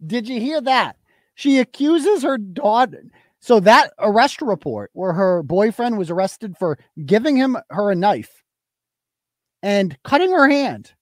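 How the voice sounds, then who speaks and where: A man's voice: sits high, dry recording, studio quality. A man hosting a live-stream commentary, ranting in a combative, profane way. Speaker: host.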